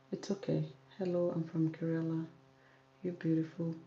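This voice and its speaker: Soft-spoken woman from South Sudan hosting a casual livestream Q&A; low, gravelly voice in an echoey room. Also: muffled recording, a little hiss or hum. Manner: calm, soft-spoken, reads out viewer comments. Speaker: YouTuber. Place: home room with ring light. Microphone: camera on ring light.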